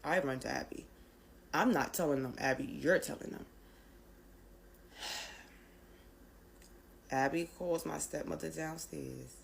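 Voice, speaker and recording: Low, slow-talking woman telling her story. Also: gravelly, slight background noise, rough recording. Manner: candid, emphatic, asks rhetorical questions. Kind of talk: personal storytime to camera.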